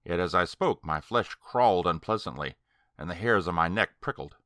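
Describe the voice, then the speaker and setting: A man narrating a horror story audiobook in a slow, dramatic, deliberate way. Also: sits low, lively intonation, sharp tone, dry recording, studio quality.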